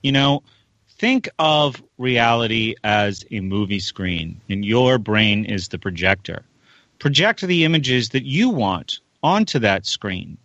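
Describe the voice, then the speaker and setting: A man's voice: lowish voice, lively intonation, takes it slowly, a bit bright, dry recording. A man earnestly coaches a friend on meditation, his voice rising and falling widely. The sound is slightly dull and dry, close to the mic. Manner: earnest, coaching, new-age advice. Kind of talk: casual chat, giving advice.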